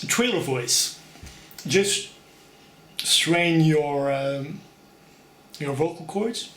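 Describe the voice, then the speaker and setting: A young man talking casually to camera about doing impressions, relaxed and unhurried with fillers. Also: a little high. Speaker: aspiring actor showing impressions. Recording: echoey room, faint background hum.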